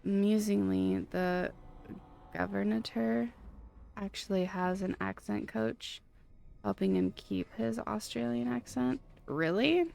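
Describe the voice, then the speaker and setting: A woman's voice: mid-range voice, takes it slowly, creaky, a little mellow. A woman with a Minnesotan accent chatting casually on a live stream, musing and self-deprecating.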